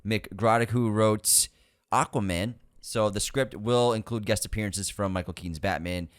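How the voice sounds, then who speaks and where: A man's voice: lowish voice, moderate pace. A man co-hosting a podcast, chatting casually about movies, swearing and getting worked up in rants. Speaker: podcast co-host. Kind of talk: casual movie news chat.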